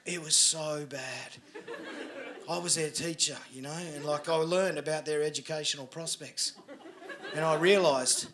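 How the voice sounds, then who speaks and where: Brash high-voiced Australian man on stage. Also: fairly even intonation, measured pace. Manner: brash, swearing, asks the crowd for agreement. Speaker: stand-up comedian. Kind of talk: stand-up comedy set. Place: live comedy venue with audience. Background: audience laughter.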